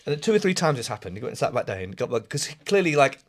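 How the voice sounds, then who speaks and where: A man's voice: medium pitch, very animated, rapid-fire, no echo, clean studio sound. Man in his forties, casual swearing. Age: 40s. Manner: swears freely, acts out quoted voices. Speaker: podcast co-host. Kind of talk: casual chat.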